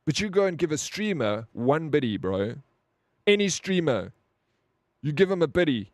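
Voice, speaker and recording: A man's voice: fairly high pitch, sing-song, normal speed, no room sound, studio quality. Blunt South African man streaming. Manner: blunt, profane, rambling with frequent "bro". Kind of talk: casual live-stream chat.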